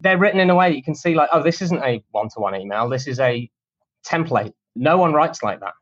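A man answers interview questions in a relaxed, chatty way, with cheeky self-deprecating humor. His voice sits at a medium pitch. The recording sounds dull and lo-fi. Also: brisk. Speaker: guest, cold email marketer. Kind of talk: casual conversational interview answers.

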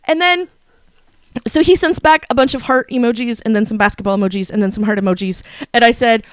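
A woman co-hosting a podcast, telling a story in a casual chat and acting out her own excited reactions. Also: fairly high pitch, moderate pace, dry recording. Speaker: podcast co-host.

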